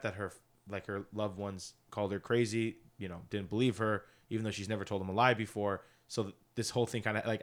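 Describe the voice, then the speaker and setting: A man's voice: fairly low pitch, fairly bright tone. A man casually discussing a novel with a co-host, talking loosely with many fillers. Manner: chatty, many "like" fillers, paraphrasing scenes.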